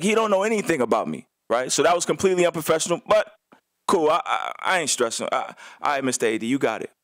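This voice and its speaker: A man's voice: mid-range voice, dry recording, clean studio sound. A man, a former assistant basketball coach, telling a story on a radio show in casual slang, acting out other people's lines.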